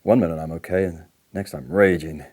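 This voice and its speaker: In a counselling training role-play, a man in his late 40s plays a client: an angry, bitter recovering addict, volatile and ashamed. His voice is very deep and husky, a little fast yet a little mellow. He swings between outbursts and low, muttered apologies.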